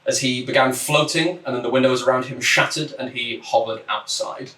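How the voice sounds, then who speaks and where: A man's voice: medium pitch, normal speed. Guy running a tabletop game, kinda far from the mic, echoey room, bit of hiss. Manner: relaxed, lots of ums and uhs. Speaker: game master. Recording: echoey room, distant mic, faint noise.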